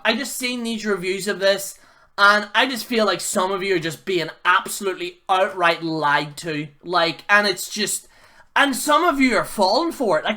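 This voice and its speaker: A man's voice: high-pitched, sharp tone. A man hosting his own channel, giving a blunt, heated wrestling review full of casual slang and repeated jabs. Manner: casual slang, fillers, restarts. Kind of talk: ranting video review.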